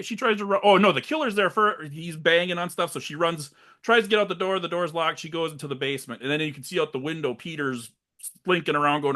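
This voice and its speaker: A man's voice: high-pitched, steady tone, brisk, a bit bright. A man co-hosting a podcast, casually recapping a horror film and acting out its lines in funny voices. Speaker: podcast co-host.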